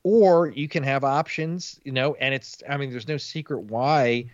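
A man's voice: medium pitch, measured pace, no echo. Blunt, profane man on a dull line. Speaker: podcast co-host. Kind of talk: casual sports talk. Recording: dull lo-fi recording.

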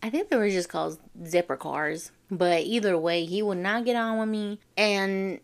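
A woman from the Navajo Nation, hosting a vlog and telling funny personal stories in a lively, slangy way. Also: mid-range voice, moderate pace. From Navajo Nation, US Southwest. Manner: animated, slangy, acts out quotes. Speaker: vlogger host. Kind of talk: casual comedic storytelling.

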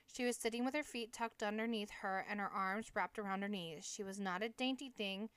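A woman narrating a novel as an audiobook in a steady, measured reading. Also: mid-range voice, clear, resonant tone, dry recording. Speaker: audiobook reader.

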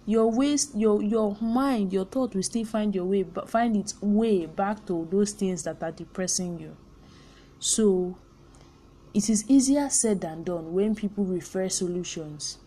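A woman's voice: medium pitch, unhurried, dark tone. A young Nigerian woman hosting a personal podcast, speaking candidly and earnestly and slipping in pidgin phrases. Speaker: podcast host.

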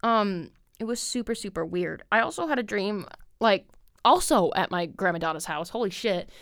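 Expressive and at a normal speed, this young podcast host tells a long story in a rambling casual style, with constant "like" and lots of swearing. Her medium-pitched voice is a bit bright, and the clean studio sound has no echo.

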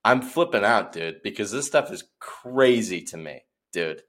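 Young male co-host, excitable and slangy, with a pitch that jumps around. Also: measured pace. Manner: excitable, slangy, says dude a lot. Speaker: podcast co-host. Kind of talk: casual chat.

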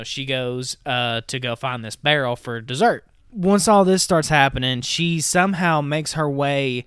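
A man co-hosting a movie podcast retells a plot in a loose, chatty way, full of "like" and "you know." His voice is bright and clear. It sits close and dry on the mic. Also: mid-range voice, no room sound. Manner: retells scenes with quick quoted voices, many fillers. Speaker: podcast co-host. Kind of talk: casual movie recap.

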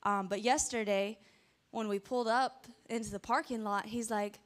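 A woman from the South, preaching to a church congregation in a chatty, animated storytelling way with many asides, speaking into a handheld microphone. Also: a little high, moderate pace. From American South. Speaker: guest preacher. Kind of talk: storytelling sermon. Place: church sanctuary before a congregation.

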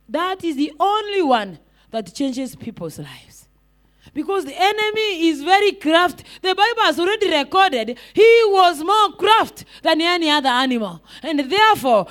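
A woman's voice: high-pitched, a bit bright. A woman evangelist preaching a sermon, repeating rhetorical questions and calling out to the congregation.

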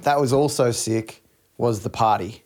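A man in casual film talk, heavy on crude slang and quick eager agreement. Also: medium pitch, a little mellow, a little hiss or hum.

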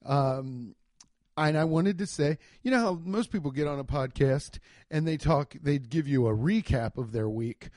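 A man with a slightly higher voice rambles through a comic podcast monologue, excitable and profane, full of restarts. The sound is dry and close. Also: normal speed, dry recording. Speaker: comedian podcast host. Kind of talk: casual comedic monologue.

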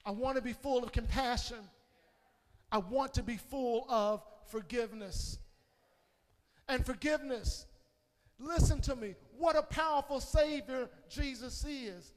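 A man preaching a sermon as pastor, calling on the congregation and swinging between shouted peaks and hushed low passages. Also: unhurried. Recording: long hall reverb.

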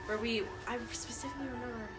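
A young woman in casual chat with friends, blunt and quick to chime in. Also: on the high side, fairly even intonation, fairly bright tone, soft background music.

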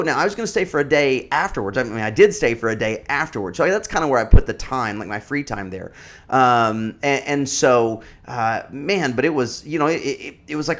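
A man's voice: on the high side, lively intonation, brisk, a bit bright. Thirtysomething guy telling a long story, rambly, lots of likes and ums. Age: 30s. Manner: rambling, many fillers and restarts. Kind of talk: casual storytelling.

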